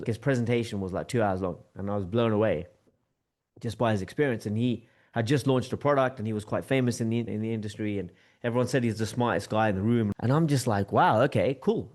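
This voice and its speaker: A man, a podcast guest telling a lively anecdote in conversation and acting out the dialogue. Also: lowish voice, a little fast. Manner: lively, acts out quoted dialogue with shifting tone.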